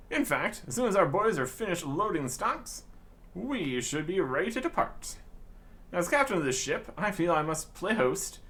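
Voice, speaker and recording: A man's voice: sits high, pushed and bright, full character voice. A man reading as a pompous ship captain. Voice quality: pompous, formal. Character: haughty male ship captain, disdainful.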